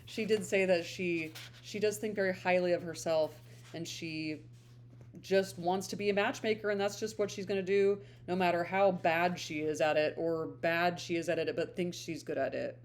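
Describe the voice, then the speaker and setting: A woman's voice: lowish voice, fairly even intonation, normal speed. A woman who reads books on her channel, talking casually and thinking aloud as she searches for her words. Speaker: book reader and vlogger. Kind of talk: casual reflective chat.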